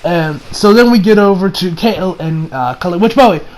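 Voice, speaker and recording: A high-pitched man in a casual, rambling recap, full of restarts and laughs. He jumps into quick voices for the characters he quotes. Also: a little mellow, slight background noise, rough recording. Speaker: anime reviewer.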